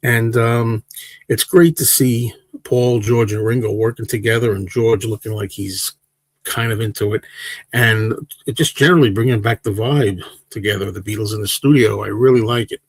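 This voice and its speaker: On a casual livestream, a man in his sixties rambles through viewer comments, answering each chat question in turn in a relaxed way. His voice is on the low side with a breathy edge, moderately paced, and there's no room sound.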